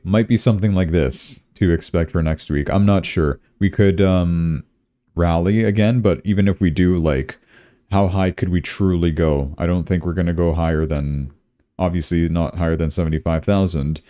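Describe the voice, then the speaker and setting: A man's voice: sits low, dark tone, no room sound. A young man from Canada, hosting a crypto livestream in a rambling, casual way and often saying "dude".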